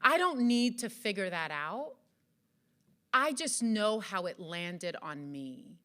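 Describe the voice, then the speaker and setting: An animated woman from Jamaica speaks slowly and earnestly to an audience at an event. Her bright, fairly high voice rises and falls, and she asks many rhetorical questions. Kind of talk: motivational speech to an audience. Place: event hall.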